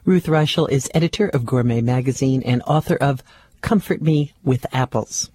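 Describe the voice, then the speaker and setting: A radio host moving briskly and brightly into the next segment. The voice has a husky edge and is recorded dry and close. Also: medium pitch, no echo. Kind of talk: radio presenting.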